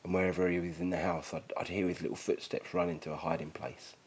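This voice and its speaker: A man reading a first-person story aloud in a quiet, sombre and reflective manner. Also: deep voice, level tone, fast talker, slight background noise. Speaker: narrator.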